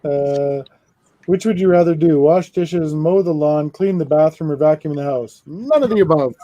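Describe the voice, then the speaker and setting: A man's voice: a little high, moderate pace, mellow, no room sound, muffled recording. A man telling a long funny story in casual chat while building, rambling and laughing.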